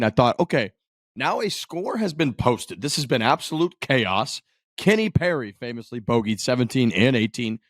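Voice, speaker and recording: A man's voice: medium pitch, dry recording, studio quality. A man co-hosting a podcast, telling a golf finish blow by blow in loose, profane chat. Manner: animated, profane play-by-play storytelling. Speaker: podcast co-host. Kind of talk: casual sports chat.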